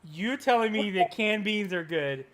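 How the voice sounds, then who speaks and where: A man with a notably high voice who presses his point again and again in casual banter. He talks in an insistent, argumentative way. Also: lively intonation, a little slow, fairly bright tone. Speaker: podcast co-host.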